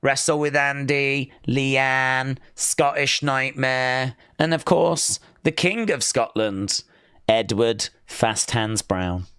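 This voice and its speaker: An English man hosting a casual live stream, reading out comments and ribbing his viewers. He talks in an unhurried, drawn-out way. His voice is close and dry, with no room sound. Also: medium pitch, fairly bright tone, clear, resonant tone, no echo. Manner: playful and teasing, bantering with chat.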